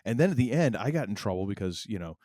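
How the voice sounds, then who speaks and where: Middle-aged male co-host, lowish voice, animated storyteller, dry close mic. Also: fast, no echo. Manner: animated storytelling, acts out family quotes. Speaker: podcast co-host. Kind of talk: casual chat.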